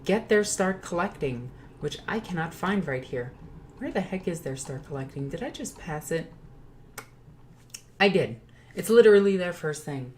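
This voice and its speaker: A woman's voice: fairly low pitch, slight background noise. A woman hosting her own channel in casual hobby commentary, chatty and joking, often stopping to correct her own slips. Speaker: YouTube host.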